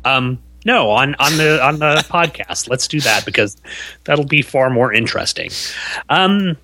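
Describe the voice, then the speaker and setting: Podcast guy rambling casually, lots of uhs and restarts, bright voice. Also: medium pitch, lively intonation, a little hiss or hum. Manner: halting, many restarts and fillers. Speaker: podcast co-host. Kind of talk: casual chat.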